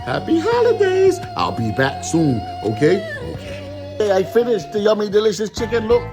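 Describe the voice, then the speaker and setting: A man's voice: high-pitched, wildly swooping pitch, normal speed, over music. A man hosting a playful home cooking show in his kitchen, talking in a silly, sing-song way. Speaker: cooking show host and teacher.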